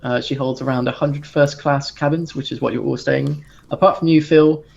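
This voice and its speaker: A man's voice: mid-range voice, fairly even intonation, brisk, vocal fry, a little mellow. A man narrating as the game master of a tabletop horror game, in a casual, chuckling, loose style. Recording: dull lo-fi recording.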